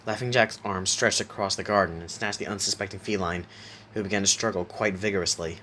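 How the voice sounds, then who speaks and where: Low-voiced man reading a horror story. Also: fairly quick, a little hiss or hum. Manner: steady reading with small self-corrections. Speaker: narrator.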